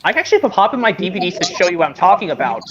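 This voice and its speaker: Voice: medium pitch, very fast, crowd noise. A streamer chatting casually on a video call, eager and often repeating phrases. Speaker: streamer showing a book collection. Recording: muffled call audio with steady noise.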